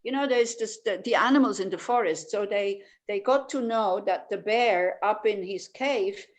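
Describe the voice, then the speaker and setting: A woman's voice: medium pitch, moderate pace, low-quality recording. Woman teaching a meditation class online. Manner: warm storytelling, many "you know" fillers. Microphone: video call.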